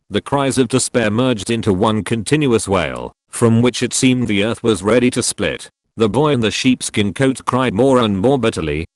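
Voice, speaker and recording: A man narrating a historical audiobook in a solemn, measured read. His voice sits fairly low but rises and falls a lot. It is recorded close and dry, with no room sound. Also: dry recording. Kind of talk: scripted narration of a historical novel.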